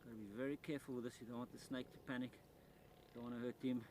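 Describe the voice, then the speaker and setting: Animated man presenting a wildlife documentary. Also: medium pitch, fast, slight background noise. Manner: animated, excited, hushed when near the animal. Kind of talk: nature documentary narration and field presenting. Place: outdoors in rice paddy fields.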